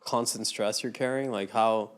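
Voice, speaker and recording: A man's voice: fairly low pitch, steady tone, normal speed. Male co-host, thoughtful and probing, animates his stories with quoted voices. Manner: reflective, acts out quoted thoughts. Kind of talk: casual chat.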